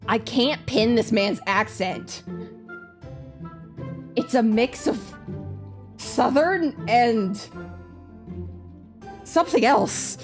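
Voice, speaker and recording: A woman streamer reading a visual novel aloud and reacting with giggly, expressive commentary. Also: fairly high pitch, drawn-out words, long pauses, soft background music.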